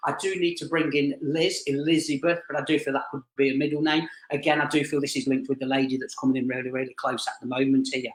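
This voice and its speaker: Halting man in a roomy space. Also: mid-range voice, level tone. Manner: halting, full of restarts and repeated fillers. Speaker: spirit medium. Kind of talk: live spirit reading to an audience member. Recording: roomy echo.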